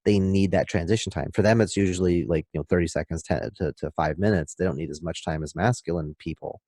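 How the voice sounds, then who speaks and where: Low-voiced man, emphatic talker. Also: fast talker, no room sound, clean studio sound. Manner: emphatic and animated, acts out scenes. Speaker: podcast guest. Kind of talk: casual podcast talk, explaining.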